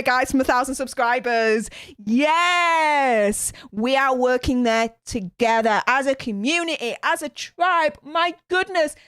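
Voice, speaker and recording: Northern english lady on a home livestream, gushy and excited, high voice, dry mic. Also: clean tone, no echo. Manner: gushing, excitable, many fillers. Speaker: livestream host. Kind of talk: live reaction stream chat.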